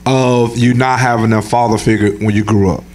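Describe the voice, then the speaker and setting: A man's voice: mid-range voice, steady tone, fairly quick, a little mellow, faint music behind. A man acting as pastor, interviewing a church member and encouraging single mothers in the congregation. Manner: encouraging, affirming. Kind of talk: church interview and sermon address.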